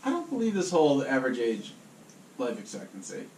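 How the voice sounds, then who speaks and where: Animated male co-host, quick to scoff, recorded far from the mic with faint hiss. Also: medium pitch. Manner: skeptical, exclaiming. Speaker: podcast co-host. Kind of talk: casual podcast banter. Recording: roomy, distant mic, faint noise.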